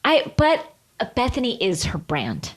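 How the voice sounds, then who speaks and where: A woman's voice: a little high, huge pitch swings, unhurried, slightly rough. A woman co-hosting a podcast, chatting casually and laughing often. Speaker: podcast co-host. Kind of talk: casual chat.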